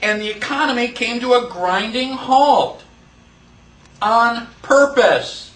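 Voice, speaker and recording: High-voiced man lecturing a class. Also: takes it slowly. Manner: animated, asks the class questions, acts out quotes. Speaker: teacher of a constitution class. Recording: echoey room, voice from far off.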